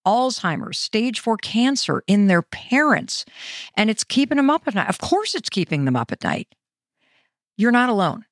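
A middle-aged woman hosting a motivational podcast, chatty and expressive, speaking straight to the listener. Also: fairly high pitch, dry recording, studio quality. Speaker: podcast host.

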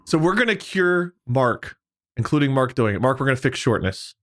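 Man, mid-pitched, jokey comedy host handing out prompts. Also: lively intonation, moderate pace. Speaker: podcast host giving prompts. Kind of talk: casual comedy chat.

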